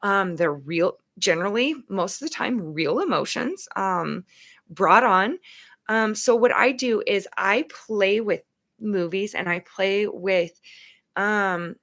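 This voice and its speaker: A woman's voice: mid-range voice, slow pace, fairly bright tone. A woman hosting a casual talk show, speaking in an emphatic, chatty way and openly sharing her feelings about empathy and boundaries. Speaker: show host.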